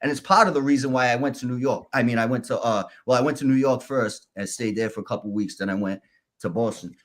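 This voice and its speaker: A man, a podcast guest, telling his story candidly in a halting, casual way. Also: mid-range voice. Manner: candid, halting, restarts and fillers.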